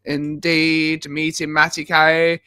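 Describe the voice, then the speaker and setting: Completely flat and slow in delivery, his fairly high voice pushed, bright, and clean, an English livestream host reads viewer comments from home. He greets chat casually, rambling on and repeating phrases.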